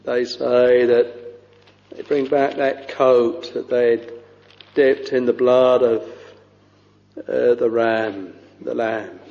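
A man preaching a sermon in a slow, halting way, with many pauses and fillers. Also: medium pitch, steady tone, creaky. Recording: dull lo-fi recording with long hall reverb.

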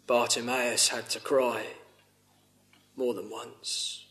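A man's voice: medium pitch, flat delivery, slow pace, fairly bright tone, reverberant. A man preaching a sermon, earnest and pleading, rising to urgent appeals. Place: church.

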